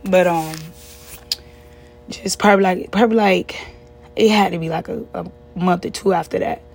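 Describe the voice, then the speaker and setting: Husky-voiced young woman telling her story. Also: lowish voice, fairly even intonation, normal speed. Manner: earnest, conversational, with many fillers and restarts. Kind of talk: personal storytelling.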